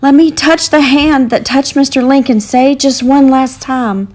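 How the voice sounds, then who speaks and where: A loyal young boy soldier from a storybook, soft and earnest, as a woman gives him voice. The tone rides higher than her narration. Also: fairly even intonation, measured pace. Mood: tender.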